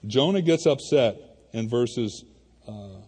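A male pastor preaching a sermon in a church, conversational and animated, talking to the congregation like friends. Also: mid-range voice, slow pace, husky. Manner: conversational and animated, addressing the congregation as "you guys". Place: church sanctuary. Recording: reverberant hall.

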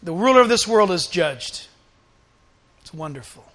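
Male pastor, high bright voice, lively sermon delivery with loud bursts and quiet asides. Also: moderate pace. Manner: animated, acts out voices, swings from loud to hushed.

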